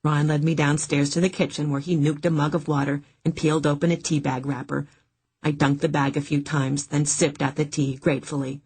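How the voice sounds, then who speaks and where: Husky, low-voiced woman narrator. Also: steady tone, brisk, a little mellow. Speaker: audiobook narrator. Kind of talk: first-person audiobook narration.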